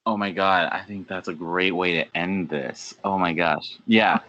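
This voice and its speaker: Man, very low voice, interviewer, relaxed encouraging manner, dull lo-fi call audio. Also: unhurried. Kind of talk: casual interview. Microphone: video call.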